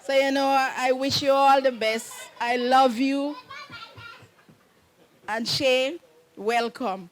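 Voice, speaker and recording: A woman's voice: sits high, fairly even intonation, slow pace, pauses often, a little hiss or hum. A middle-aged woman, the groom's mother giving a wedding message, telling a meandering story, often saying "anyways" and laughing. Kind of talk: rambling personal storytelling.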